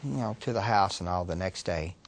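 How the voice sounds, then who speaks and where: Gravelly man recalling with hesitation. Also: deep voice, a little fast, slight background noise. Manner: hesitant, with many fillers. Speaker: interviewee, a relative. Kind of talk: documentary interview recollection.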